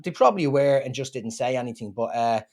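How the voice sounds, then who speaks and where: A man with an Irish accent, a comedian being interviewed, telling stories in a lively, joking way. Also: mid-range voice, fast talker. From Ireland. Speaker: guest comedian. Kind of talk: casual chat.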